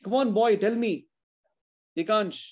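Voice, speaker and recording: A man's voice: high voice, a little slow, lo-fi sound. A man teaching children spelling in an online class, patiently sounding out words letter by letter.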